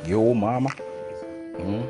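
A man's voice: fairly low pitch, slow, over music. A young man with a Nigerian accent playing an affectionate grown son. He teases and sweet-talks his parents on the phone and switches between English, pidgin and Yoruba. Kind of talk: film dialogue.

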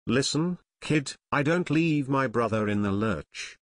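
A man reading a gruff male crook who talks in a curt, snarling way, in an audiobook. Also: medium pitch, animated, a little slow, no echo, studio quality, natural voice. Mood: menacing.

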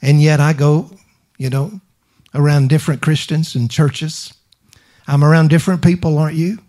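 In a fairly high, warm voice with a steady tone and moderate pace, a middle-aged preacher drives home his sermon. Rhetorical questions and repeated phrases punctuate it as he calls on the congregation to answer.

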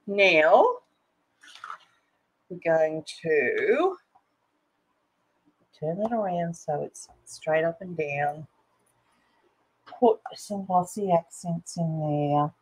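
A husky-voiced woman talks her way through a craft project, chatting to herself and her viewers. She speaks slowly, and her pitch sits low but swings about a lot. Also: lively intonation, low-quality recording. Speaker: craft video host. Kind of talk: casual crafting commentary.

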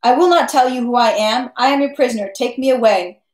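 A woman voicing a furious, defiant Russian nobleman in a storybook reading, forceful and peremptory, in an echoey room. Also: on the high side, brisk, recorded from a distance, close to an everyday voice.

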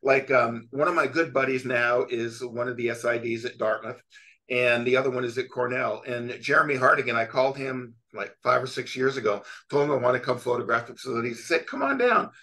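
A man's voice: mid-range voice, fairly quick. A middle-aged man from California, a sports photographer, telling long anecdotes in a casual chat with frequent restarts. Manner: rambling, animated storyteller with many restarts.

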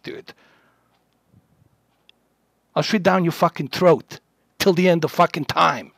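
A Bosnian-born streamer man tears into a troll in his chat with steady aggression. His voice sits somewhat high for a man. The sound is dry and close, with no room around it. He swears constantly and keeps issuing threats. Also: takes it slowly, vocal fry, long pauses, breathy edge, no echo. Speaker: livestreamer. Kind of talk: angry livestream rant at a chat troll.

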